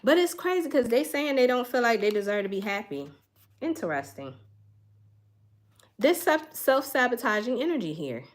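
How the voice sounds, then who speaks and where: A woman's voice: a little high, very animated, normal speed. A woman, doing a casual tarot reading and chatting straight to her viewers in a folksy way. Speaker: tarot reader.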